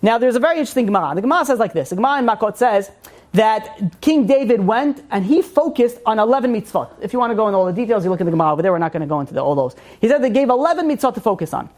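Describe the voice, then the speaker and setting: Fast-talking rabbi teaching a class. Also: male voice, high-pitched. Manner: animated storyteller, many "you know" fillers. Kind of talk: informal Torah class.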